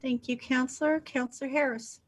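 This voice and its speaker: A woman presiding over a city council meeting, briskly calling on speakers. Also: high-pitched, fairly even intonation. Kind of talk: chairing a meeting.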